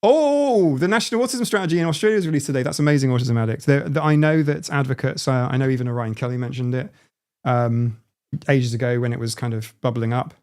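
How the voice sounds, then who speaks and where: A man in his forties hosting a casual live stream, reading out viewer comments and talking in halting bursts full of restarts. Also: medium pitch, a little mellow. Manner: halting, frequent restarts and self-interruptions.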